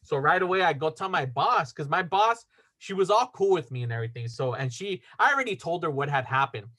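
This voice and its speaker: Young male podcast host, higher voice, animated casual storyteller who swears a lot. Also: brisk, no room sound. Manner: animated, swearing, acts out quotes.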